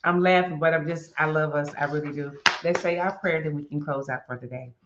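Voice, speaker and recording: A woman's voice: sits low, background noise. Bubbly woman host in an echoey room. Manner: bubbly and excitable, bursting into laughter, then slow and earnest when praying. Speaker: host of a daily devotional video series. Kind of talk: casual chat and spoken prayer. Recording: roomy, dull lo-fi sound.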